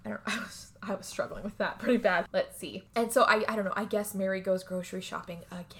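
A woman co-hosting a podcast, retelling a film in casual chat, animated and swearing freely. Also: mid-range voice, fast. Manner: animated storytelling, slips into character voices, casual swearing. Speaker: podcast co-host. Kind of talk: casual movie recap chat.

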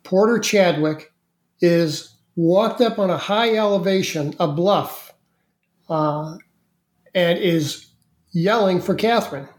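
Halting, filler-heavy guest storyteller at a mid pitch, recorded in an echoey room. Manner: halting, with many fillers and repeated words. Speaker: interview guest. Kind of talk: casual spoken storytelling.

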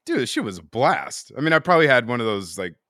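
A man's voice: mid-range voice, very animated, fast talker, a bit bright, no echo, studio quality. A man co-hosting a podcast, rambling casually with lots of fillers and restarts. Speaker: podcast co-host. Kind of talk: casual chat.

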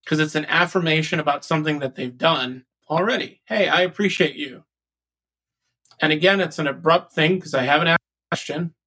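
Bright-voiced man coaching on sales calls. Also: a little high, fairly quick, rough recording. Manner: animated, acts out phone calls. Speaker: podcast co-host and sales coach. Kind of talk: casual podcast chat.

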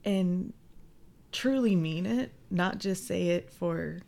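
Gravelly middle-aged woman podcast host. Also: fairly low pitch, slow pace, a little mellow. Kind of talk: casual podcast chat.

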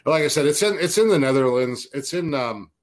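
A man co-hosting a podcast in casual chat, halting and restarting his sentences, with casual swearing. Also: a little high, lively intonation. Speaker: podcast co-host.

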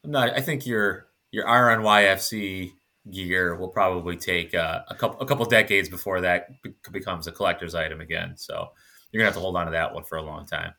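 A man's voice: deep voice, fairly even intonation, a little fast, sharp tone. A man co-hosting a casual podcast, speaking with dry, mock-formal wit. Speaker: podcast co-host.

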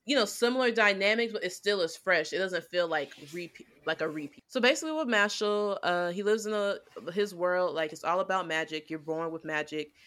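Bright-voiced woman chatting loosely. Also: fairly low pitch, a little fast, few pauses. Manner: rambling with frequent fillers; animated retelling of scenes. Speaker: podcast co-host. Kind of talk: casual anime review chat.

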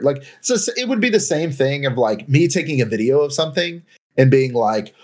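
A man's voice: medium pitch, big pitch swings, fast. A young man in casual podcast chat, hedging and saying "like" and "right?" often.

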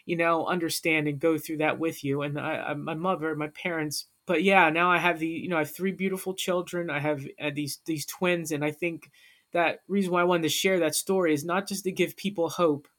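A woman's voice: sits low, fairly even intonation, a little fast, a bit bright. An earnest woman speaks as a guest on a podcast interview. She tells a personal story in a heartfelt, sincere way.

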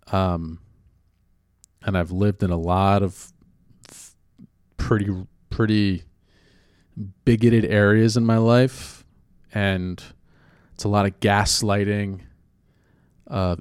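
Low-voiced man musing on the mic. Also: steady tone, smooth, no echo, clean studio sound. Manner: reflective, measured, often rephrasing himself. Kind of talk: casual spoken commentary.

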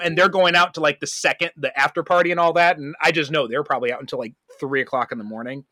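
A man who is a podcast guest, chatting casually as an animated storyteller who laughs often. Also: fairly high pitch, fast talker, few pauses, no room sound. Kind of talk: casual chat.

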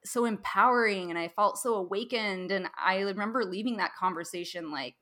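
A woman's voice: mid-range voice, fairly quick, sharp tone. A woman host chatting in a casual podcast conversation, telling a personal story with frequent laughs and fillers. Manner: chatty, laughs often, many "like"s.

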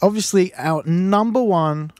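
A man's voice: high-pitched, measured pace, a little mellow, dry recording, clean studio sound. A man presenting a radio show, chatting casually and teasing his co-host. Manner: teasing, jokey banter. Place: radio studio.

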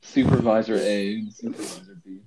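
A man's voice: lowish voice, fairly even intonation, a little fast, crowd noise, poor audio. A young man co-hosting a casual podcast, asking teasing, wry questions. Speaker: podcast co-host. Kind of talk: casual chat.

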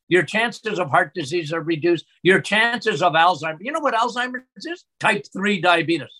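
A middle-aged man, a doctor and podcast guest, speaking with passion, his voice rising whenever he gets excited. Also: high-pitched. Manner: excitable, voice rises when excited. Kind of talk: passionate health talk.

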